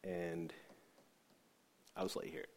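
A man giving an emotional personal testimony. He talks earnestly, often sinks to a soft hush, and restarts his sentences. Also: measured pace, slight background noise.

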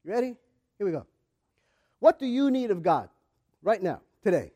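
Impassioned high-voiced male preacher. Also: big pitch swings, moderate pace. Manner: impassioned, rising to shouts, speaking straight to the congregation. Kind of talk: sermon.

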